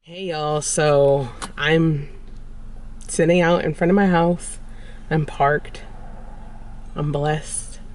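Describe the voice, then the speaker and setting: A woman's voice: low voice, fairly even intonation, extremely slow, long pauses, darkish tone, reverberant, slight background noise. A young woman, chatting casually to her vlog viewers, calling them y'all and honey. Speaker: vlogger. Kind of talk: casual vlog talk to camera. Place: inside and around a car, outdoors in the city.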